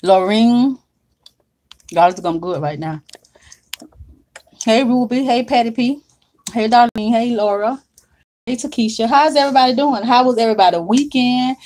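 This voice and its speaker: A woman's voice: fairly high pitch, normal speed, pauses often, a little mellow. A woman hosting a casual livestream from her makeup desk at home, chatty and drawling as she greets viewers by name.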